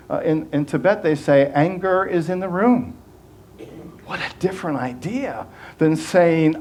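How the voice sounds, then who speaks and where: A man's voice: fairly high pitch, a little mellow. Earnest male minister preaching. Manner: conversational and earnest, with restarts and quoted asides. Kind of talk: sermon.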